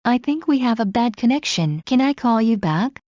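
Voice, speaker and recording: Woman, slightly high, mellow voice, steady lesson-style phrase reading, muffled lo-fi audio. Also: dry recording. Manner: clear, measured, evenly paced reading. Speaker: English phrase reader. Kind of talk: slow read-aloud phrase drills. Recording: dull lo-fi recording.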